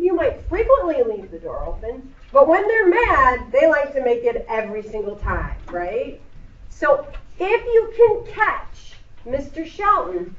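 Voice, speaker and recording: A woman with a fairly high voice teaches a middle school English lesson, explaining patiently and adding playful asides. She sits far from the mic, and the echoey classroom recording sounds dull.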